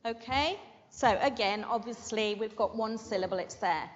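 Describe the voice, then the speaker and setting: A woman teaching an English vocabulary and pronunciation lesson, slowly stressing syllables and checking in with "okay?". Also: a little high. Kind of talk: classroom language lesson. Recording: muffled with long hall reverb.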